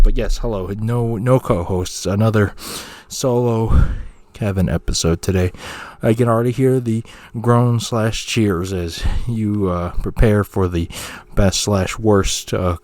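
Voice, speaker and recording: Solo podcast guy, fairly low voice, jokey and rambly, lots of ums, dry close mic. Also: darkish tone, no echo. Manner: rambling and jokey, with many fillers and restarts. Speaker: podcast host.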